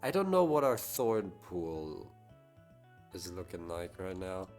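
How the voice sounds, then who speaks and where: A man's voice: low-pitched, very animated, slow, a little mellow, faint music behind. A man streaming a game live, thinking aloud and talking to his chat in a casual, musing way. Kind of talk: casual live-stream commentary while gaming.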